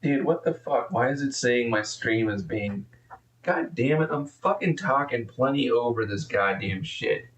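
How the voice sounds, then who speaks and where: Slow-talking streamer man, distant mic. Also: medium pitch, expressive, roomy sound, slight background noise. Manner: profane, rambling, easily exasperated. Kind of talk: casual live-stream commentary.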